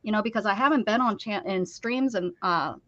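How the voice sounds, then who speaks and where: A woman hosting a casual craft livestream, chatty and animated, greeting viewers by name. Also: medium pitch, brisk, no room sound, highs cut off.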